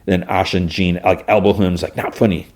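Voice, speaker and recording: A man hosting a podcast, loosely retelling an episode with plenty of fillers. His voice is low and mellow, easygoing and rambling. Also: little pitch movement, a little fast. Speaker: podcast host. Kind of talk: casual episode recap.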